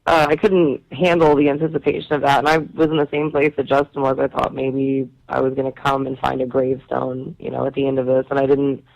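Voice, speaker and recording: A man's voice: mid-range voice, flat delivery, fairly quick, vocal fry, hardly any pauses, darkish tone, rough recording. A man interview guest recounting a stressful experience, rambling with nervous laughs. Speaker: guest, reality TV participant. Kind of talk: casual interview chat.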